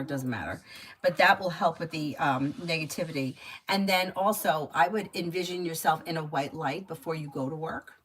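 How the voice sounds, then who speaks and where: A woman's voice: on the low side, fairly bright tone, husky, poor audio. Chatty woman giving tarot readings. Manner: chatty, advice-giving, frequent filler "like". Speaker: tarot reader. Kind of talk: casual live-stream reading.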